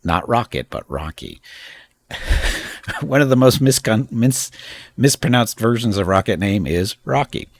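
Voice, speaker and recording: A man's voice: fairly low pitch, animated, a little slow, pauses often. A man hosting a casual live stream from home, rambling and chatting with frequent laughs. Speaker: streamer host.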